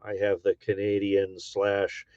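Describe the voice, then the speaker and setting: Folksy Upper Midwest man, low voice. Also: completely flat delivery, takes it slowly, darkish tone, no room sound. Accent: Upper Midwest, Michigan. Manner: rambling, folksy, many fillers. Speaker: livestream host reading chat. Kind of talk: casual livestream chat. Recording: dull dry lo-fi sound.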